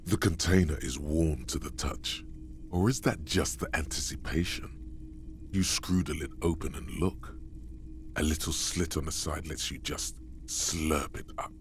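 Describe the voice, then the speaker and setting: Grave game narrator; extremely deep, slow and poetic, with faint noise underneath. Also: male voice. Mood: solemn. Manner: slow, weighty, poetic delivery. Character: solemn older male game narrator, grave and knowing. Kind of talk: scripted dramatic narration.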